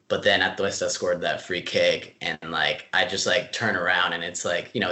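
A man telling stories in a casual interview, relaxed and full of fillers, laughing easily. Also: low voice, roomy sound. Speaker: club staff member being interviewed.

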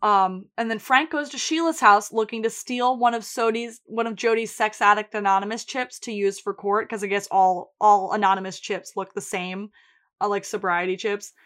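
A woman co-hosting a podcast, recapping a TV episode in casual chat and telling the plot briskly. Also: mid-range voice, fairly even intonation, fairly bright tone. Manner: brisk storytelling, quotes characters in put-on voices. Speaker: podcast co-host.

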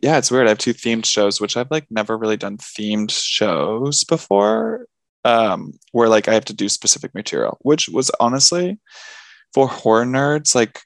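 Young guy podcast cohost, gravelly creaky voice, dry close mic, rambles a lot with likes and ums. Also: mid-range voice, expressive, moderate pace, dry recording. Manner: rambling, self-deprecating, many "like" and "um". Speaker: podcast co-host. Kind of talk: casual chat.

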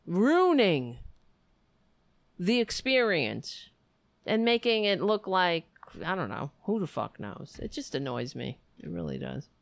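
As she signs off, a woman hosting a livestream chats casually, rambling and venting fondly to her audience. Her fairly low, gravelly voice is very animated but slow. No echo is present.

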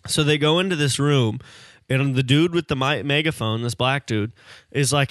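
A man's voice: medium pitch, normal speed, few pauses, a bit bright, no room sound, clean studio sound. Emphatic young man telling stories. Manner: emphatic, storytelling, calls listener bro. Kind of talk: casual chat.

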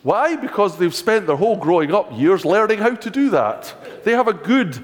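This time the older Scottish preacher sounds high-pitched and very animated, speaking at a normal pace. His sermon is conversational, full of rhetorical questions and dry jokes at his own expense, with a church hall's long reverb around him.

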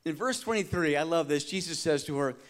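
High-voiced male preacher, dramatic delivery. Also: lively intonation, brisk. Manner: dramatic preaching, swinging from loud emphasis to hushed tones; calls on the congregation for responses. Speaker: pastor. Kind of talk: sermon.

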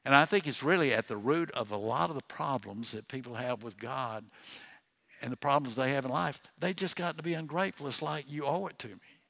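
A man's voice: medium pitch, animated, brisk, gravelly, fairly bright tone. Older male pastor with a mid-range voice, easygoing preacher who stumbles and restarts, talking to his church. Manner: conversational preaching with frequent restarts and asides. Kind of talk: sermon.

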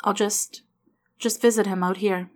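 A woman voicing a grieving widow who speaks softly and haltingly, with small restarts. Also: medium pitch, fairly even intonation, close to an everyday voice. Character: grieving widow, soft-spoken adult woman.

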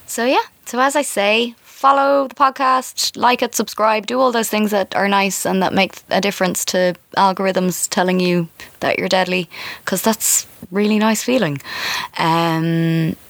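A woman's voice: mid-range voice, fairly even intonation, measured pace, dry recording. A woman in her thirties with an Irish accent, hosting a casual solo podcast in a chatty, self-mocking way. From Ireland. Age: 30s. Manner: chatty and self-mocking, with many fillers and asides. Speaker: podcast host.

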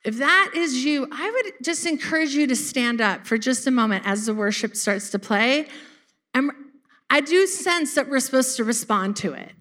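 A woman's voice: high-pitched, expressive, moderate pace, a bit bright. A woman preaching a casual sermon to a congregation, chatty and direct, often asking if they caught that. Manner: chatty, laughing, talks straight to the congregation. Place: church service.

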